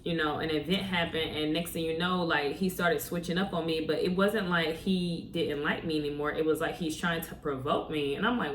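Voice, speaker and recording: A woman's voice: low-pitched, steady tone, fairly quick, slight background noise. A woman talking to camera in a motivational story-time vlog, speaking conversationally and firing off rhetorical questions at her viewers. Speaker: vlogger. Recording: roomy echo, distant from mic, faint ambience.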